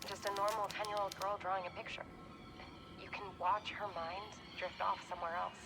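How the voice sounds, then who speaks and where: A woman's voice: mid-range voice, flat delivery, brisk, close to an everyday voice. A woman playing an anxious young woman. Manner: anxious, earnest. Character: worried woman describing her sister. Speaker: game character. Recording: game audio behind music.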